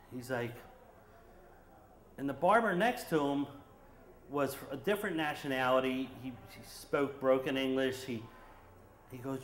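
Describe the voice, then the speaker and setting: A man's voice: medium pitch, a little slow, pauses often, a little hiss or hum. Man telling a story, roomy echo. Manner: lively, animated retelling with acted quotes. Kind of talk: live personal storytelling. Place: stage at a story slam event. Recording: roomy echoing hall.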